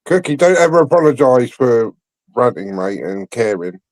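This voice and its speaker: A man's voice: mid-range voice, big pitch swings, moderate pace, darkish tone, a little hiss or hum. A man on a livestream fan panel, reassuring a friend in a supportive way.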